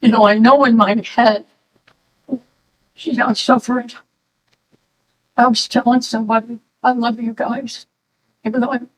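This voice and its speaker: A middle-aged woman, a mother, telling a halting, animated story at a memorial gathering. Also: fairly high pitch, low-quality recording. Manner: slow, halting, animated when quoting. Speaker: mother of the deceased.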